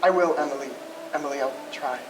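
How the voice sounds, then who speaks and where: A nervous young bridegroom, played by a young actor, pleads in earnest, stammering phrases. His voice sits a little high. A faint room hum lingers on the stage. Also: normal speed, close to an everyday voice. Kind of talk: live stage acting.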